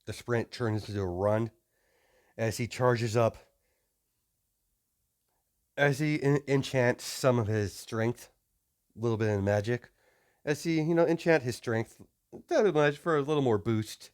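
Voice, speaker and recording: A man's voice: medium pitch, a little slow, long pauses, a little mellow. A man improvising a fan story narration, rambling and hesitant with many restarts.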